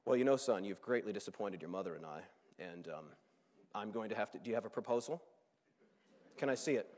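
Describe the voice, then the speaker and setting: A formal, businesslike middle-aged father who brushes his son off like a contract matter, as a preacher puts him on. The voice sits low, level and cool. Long hall reverb follows each phrase. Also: expressive, fairly quick, a little mellow, lightly acted. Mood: dismissive.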